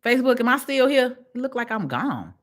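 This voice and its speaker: Speaking live to her followers, this small business owner delivers a casual, preachy pep talk in a Chicago accent and hammers her points by repeating them. Her pitch is fairly high, her delivery sing-song and a little fast.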